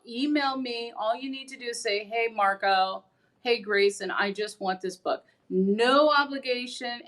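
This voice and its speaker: Earnest woman hosting a motivational show. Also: mid-range voice. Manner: animated storyteller acting out characters' lines; earnest, encouraging. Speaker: host. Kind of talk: motivational monologue to viewers.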